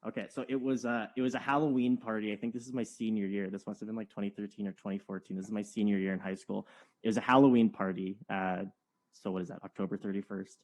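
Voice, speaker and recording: A man's voice: lowish voice, fairly even intonation, fast talker, a little mellow. A man in his twenties, co-hosting a casual sports podcast, telling jokey stories with lots of filler words. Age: 20s. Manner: joking storyteller, rambling with many fillers. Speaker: podcast co-host. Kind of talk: casual chat.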